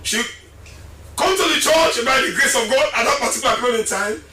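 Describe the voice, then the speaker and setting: A man preaching a fiery sermon, shouting and singing his lines and repeating phrases for emphasis. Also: very high-pitched, a little fast, far from the mic, soft background music. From Sierra Leone. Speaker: pastor. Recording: roomy, from off mic.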